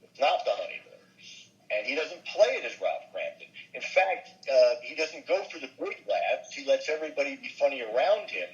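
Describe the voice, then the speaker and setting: A man's voice: medium pitch, moderate pace, few pauses, highs cut off, faint music behind. An older man, a voice actor and comedian, telling show-business stories in an interview and slipping into character voices. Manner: animated, slips into character voices. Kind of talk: anecdotal interview storytelling.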